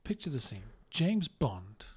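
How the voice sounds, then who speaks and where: A man from England co-hosting a casual movie podcast, jokey and quick to laugh. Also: fairly high pitch, very animated, darkish tone, slightly rough. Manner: jokey, laughs often, slips into put-on voices. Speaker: podcast co-host.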